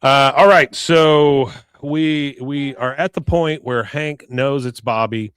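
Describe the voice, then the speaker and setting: A man with a mid-range voice recaps a cartoon episode for a podcast, jumping into quoted lines and laughing as he goes. The sound is dry and close to the mic, with no room around it. His talk is loose and lively. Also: medium pitch, slow, smooth, no echo. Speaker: podcast co-host. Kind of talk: casual recap chat.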